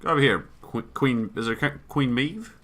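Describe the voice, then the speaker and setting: Male let's player, bright tone, casual and profane, reading game prompts aloud. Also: mid-range voice, moderate pace. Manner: thinks aloud, swears, reads on-screen text. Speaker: gaming YouTuber. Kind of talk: let's play commentary.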